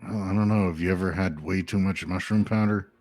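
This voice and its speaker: A man's voice: low-pitched, steady tone, fairly quick, a little mellow, soft background music. A man narrating a tabletop game as game master, hesitant and full of fillers.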